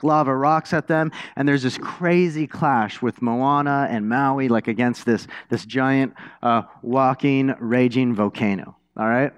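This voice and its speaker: A man preaching a sermon in a casual, conversational way, asking the congregation questions and dropping to a hushed voice for quiet moments. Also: medium pitch, smooth, no echo. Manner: conversational, asks the congregation questions, many restarts. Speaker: pastor. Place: church.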